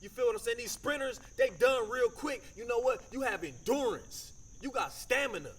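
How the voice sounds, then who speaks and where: A man's voice: very high-pitched, animated, normal speed, slight background noise. A man from Michigan giving a motivational talk, telling a personal story in a casual, conversational way and using slang. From Michigan, USA. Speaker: motivational speaker.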